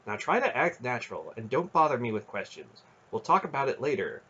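A man's voice: mid-range voice, big pitch swings, bright, forceful tone, breathy edge, lo-fi sound, exaggerated voice. A man voicing a commanding sorceress aunt who speaks coolly and wryly, in a storybook reading. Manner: cool, wry, measured delivery.

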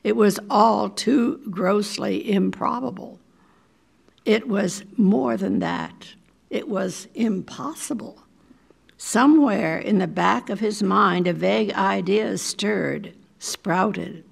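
An older woman reads a short story aloud, taking each line in a measured, deliberate way. Her voice is husky and gravelly, and she keeps to a slow pace. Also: mid-range voice. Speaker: resident reader.

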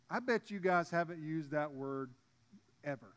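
A man's voice: on the high side, normal speed. A man preaching a sermon as pastor, in a conversational way with frequent restarts and asides to the congregation.

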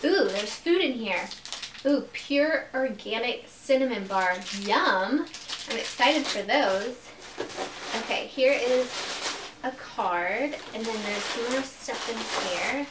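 A woman's voice: on the high side, animated, slow pace, noisy background. A young woman in her twenties telling a story in a casual vlog at home, giggling often and talking with lots of fillers. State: recovering from surgery. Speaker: YouTuber. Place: home room. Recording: echoey room, mic at a distance.

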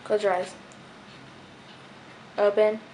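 A woman's voice: medium pitch, level tone, takes it slowly, very noisy. A teenage girl vlogging a playful accent-guessing game with a friend, giggling and trying silly put-on accents. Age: teens. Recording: echoey room, mic at a distance.

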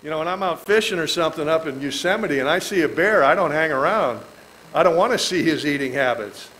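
A man pastor giving a verse-by-verse Bible teaching in a folksy, animated way, with joking asides and chuckles. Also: fairly high pitch, quick pace, slight background noise, rough recording. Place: church.

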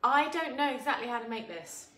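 A chatty woman in her thirties, her voice sitting a little high, hosts a casual live cooking stream. She laughs easily and greets viewers by name. Her home kitchen sounds echoey, with a faint hiss behind her. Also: brisk. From England. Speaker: cooking show host.

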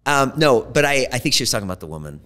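A male podcast host with a bright, forceful voice, chatting casually. He is blunt and quick with crude jokes. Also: medium pitch, big pitch swings. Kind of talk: casual chat.

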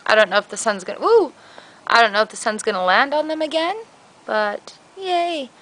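A woman's voice: fairly high pitch, lively intonation, moderate pace, a bit bright, poor audio. A woman chatting casually in a home vlog, playful, switching to baby talk with her dog. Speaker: vlogger. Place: garden outdoors.

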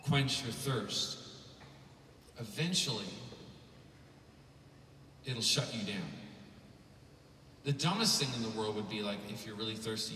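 A man from Canada who is probably in his thirties gives a joking, animated talk to a live youth conference audience as a Christian musician. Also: medium pitch, far from the mic, slight background noise. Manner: animated storytelling, jokey asides, mimics voices. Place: large hall. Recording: echoey hall, mic heard from afar.

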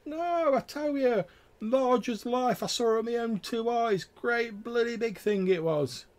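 A man voicing a boastful male trapper telling a troll tale in an excitable rustic way, high and slow. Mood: excited.

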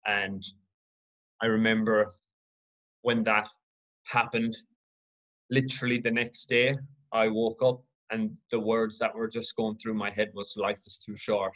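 A man from Ireland hosting his own podcast, telling a personal story in an earnest, reflective, halting way. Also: lowish voice, little pitch movement, a bit bright, lo-fi sound. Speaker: podcast host.

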